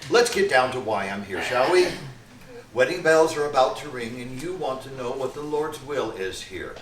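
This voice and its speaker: A man's voice: medium pitch, lively intonation, moderate pace, close to an everyday voice. A man doing a prim, near-blind pastor. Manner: prim, preachy, hesitant. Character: nearly blind, pious, fussy male pastor. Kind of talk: live stage comedy acting. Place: community theatre stage. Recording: echoey hall, far from mic, noise.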